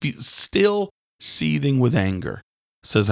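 A man with a fairly low voice retells scripture like a friend telling a story, using slang and quick asides. He acts out the characters as he goes. The sound is dry and close, with no room echo. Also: animated. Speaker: podcast host, preacher. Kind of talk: casual sermon storytelling.

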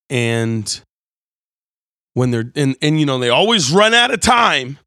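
A man giving a conversational, storytelling sermon as host of his show, moving between quiet reflection and animated retelling. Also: fairly high pitch, normal speed, no echo, clean studio sound. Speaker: pastor. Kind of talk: sermon-style talk.

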